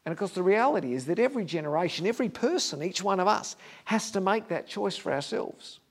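A male pastor preaching an earnest sermon, dropping to a hush on key lines. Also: high-pitched, expressive, fast talker, breathy edge. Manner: standing before a congregation.

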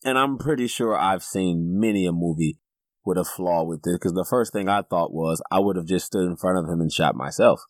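A man co-hosting a casual movie review podcast, talking in an animated way, laughing often and swearing casually. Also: low voice, a little fast, no echo, studio quality. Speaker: podcast co-host.

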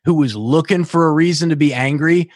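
Man, podcast co-host, blunt, wry, slightly high voice. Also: brisk, dry recording, studio quality. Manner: blunt, wry, swears casually. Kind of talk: casual chat.

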